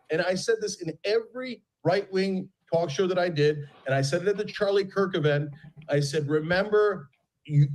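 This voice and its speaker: A man argues in a heated panel debate, his voice pitched slightly high. He is insistent and acts out quotes to make his case. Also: a little mellow, poor audio.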